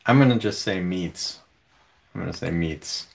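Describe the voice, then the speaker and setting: A man hosting a casual livestream from home, reading viewer comments aloud in a relaxed way. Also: deep voice, vocal fry, slight background noise. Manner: slow, relaxed, reads chat comments aloud. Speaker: livestream host.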